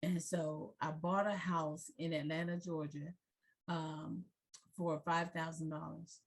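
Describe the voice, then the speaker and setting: A woman's voice: low-pitched, little pitch movement, slow. Fervent woman preacher telling her story. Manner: fervent, scripture-quoting, builds to shouting. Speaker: pastor and investor.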